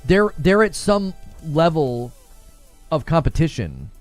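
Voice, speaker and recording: A man's voice: fairly high pitch, very animated, slow pace, soft background music. A man hosting a casual gaming livestream, reading chat and talking back to it, laughing often.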